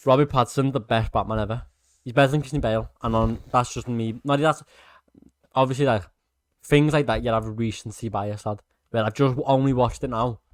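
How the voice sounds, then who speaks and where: A young man with a Liverpool accent hosting a podcast, talking in blunt, excitable, sweary banter. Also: mid-range voice, a little fast, no echo. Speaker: podcast host. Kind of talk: casual chat.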